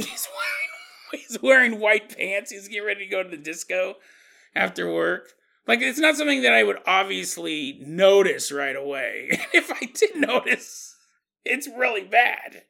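A man's voice: high voice, gravelly, sharp tone. A man hosting a podcast, telling a strange story with jokey asides and frequent chuckles. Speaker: podcast host. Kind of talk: comedic paranormal storytelling.

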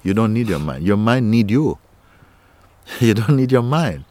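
Male spiritual teacher, lowish voice, gentle and playful, laughs often, nonstandard grammar in English. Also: sing-song, unhurried, dry recording. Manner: gentle, playful, laughs often, repeats "you see" and "huh".

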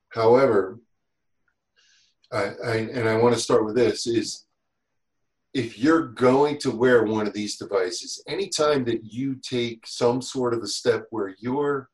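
Chatty man in an echoey room. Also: lowish voice. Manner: animated storyteller, acts out quotes. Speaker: guest, safety instructor. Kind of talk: casual podcast chat.

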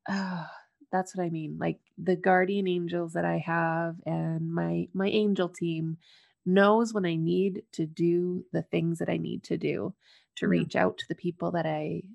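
Slow, gravelly-voiced woman host. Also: fairly low pitch, flat delivery, darkish tone, no room sound. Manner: effusive and grateful. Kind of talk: heartfelt conversation.

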